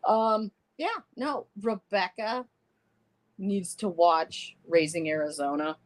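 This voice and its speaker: Lively Minnesota woman calling in. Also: lowish voice, slow. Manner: chatty, laughing, sarcastic asides. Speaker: caller. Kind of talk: casual call-in chat.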